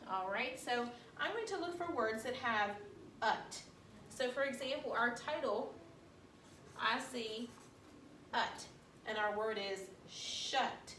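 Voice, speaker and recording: A woman teacher giving a phonics lesson to young children, sounding out each word slowly and carefully. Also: a little high, lively intonation, fairly bright tone. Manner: slow, sounding out words carefully. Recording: roomy room, distant mic, faint hiss.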